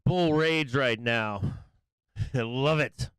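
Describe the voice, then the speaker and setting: A man hosting a live stock market stream, giving brash, excitable trader banter as prices move. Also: medium pitch, extremely slow, clear, resonant tone, no room sound. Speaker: stock market livestream host.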